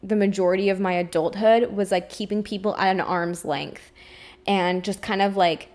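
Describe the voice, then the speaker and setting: A woman's voice: medium pitch, steady tone, normal speed, darkish tone. Young woman on her own podcast, open and emotional, says like a lot. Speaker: podcast host. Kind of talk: candid solo podcast monologue.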